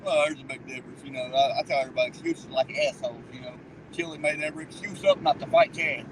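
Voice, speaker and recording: A man's voice: mid-range voice, steady tone, fast. Laid-back man riding along in a car. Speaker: passenger. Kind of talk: casual chat. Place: passenger seat of a car. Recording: clear road noise.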